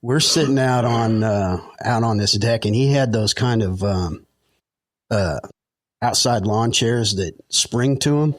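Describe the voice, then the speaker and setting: A man's voice: on the low side, slow pace, no echo. A middle-aged man, a podcast guest, telling stories in a rambling, chuckling way with lots of fillers. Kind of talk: casual storytelling.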